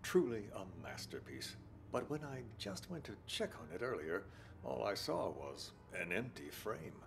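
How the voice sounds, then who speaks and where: An actor playing a polite, flattering male gallery owner in a game. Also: fairly low pitch, normal speed, vocal fry, slight background noise. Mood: fawning. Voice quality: polite and fawning.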